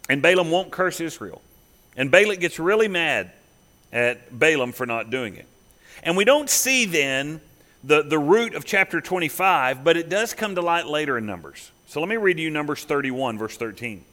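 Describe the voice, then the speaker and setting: A pastor preaching a sermon, reading scripture and retelling it in a relaxed, conversational way. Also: male voice, a little high, normal speed.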